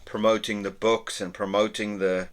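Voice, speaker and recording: A man talking casually as he draws, chatty and meandering, often trailing off into a soft murmur. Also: fairly low pitch, flat delivery, moderate pace, a little hiss or hum. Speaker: artist and vlogger. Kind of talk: casual narration while drawing.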